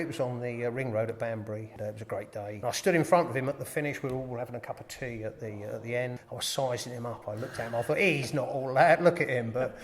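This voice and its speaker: Older male guest spinning anecdotes, mid pitch, long room echo. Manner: rambling storyteller, laughs at himself. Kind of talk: anecdote telling.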